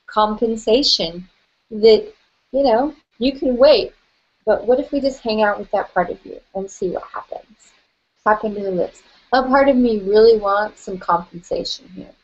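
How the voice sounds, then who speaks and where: A woman guiding a tapping session, gentle and playful, often breaking into laughter. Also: medium pitch, dull audio.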